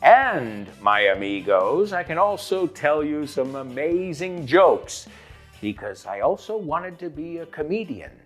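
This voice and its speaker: Lively Northeastern US man teaching. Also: a little high, measured pace, faint music behind. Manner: playful, switches between English and Spanish; animated announcer-style delivery. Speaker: English teacher and host. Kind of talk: energetic bilingual lesson.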